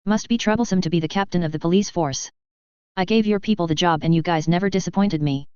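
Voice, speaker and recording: A woman's voice: on the low side, fast talker, a little mellow, smooth, no echo, close to an everyday voice. A woman reading the lines of an easygoing male lord who talks in a casual, offhand way, on slightly dull lo-fi audio. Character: easygoing male lord, police captain's boss.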